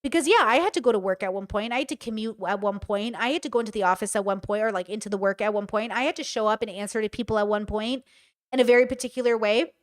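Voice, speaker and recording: A woman's voice: mid-range voice, fast. A woman in her thirties hosting a casual livestream, talking candidly and swearing freely as she answers her chat. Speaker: streamer host.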